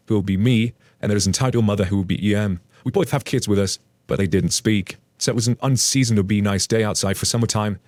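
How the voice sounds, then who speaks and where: A man who hosts a channel reads online stories aloud and adds blunt, casual commentary, swearing now and then. His voice is lowish and a little mellow, with no room sound.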